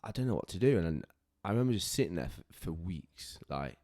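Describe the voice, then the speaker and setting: A man's voice: low-pitched, sing-song, fast, a little mellow. A man, a podcast guest telling a personal story in an earnest, heartfelt way, often stopping and restarting his sentences.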